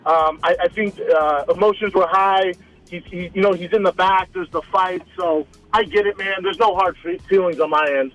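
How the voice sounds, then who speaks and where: Lively man telling a story, lo-fi. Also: sits high, moderate pace, soft background music. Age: 30s. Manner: animated, repeats words, acts out quoted lines. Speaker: guest, retired fighter turned comic. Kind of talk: casual storytelling interview.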